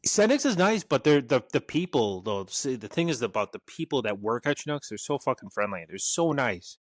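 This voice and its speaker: A man, co-hosting a podcast in casual chat, animated and swearing freely. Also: medium pitch, moderate pace, no echo, studio quality. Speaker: podcast co-host.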